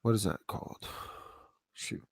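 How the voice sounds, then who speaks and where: A man's voice: measured pace, no room sound. Laid-back man rambling on a livestream. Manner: rambling, laid-back, talks to himself while browsing; casual slang, says y'all. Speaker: YouTube channel host. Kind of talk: casual livestream commentary.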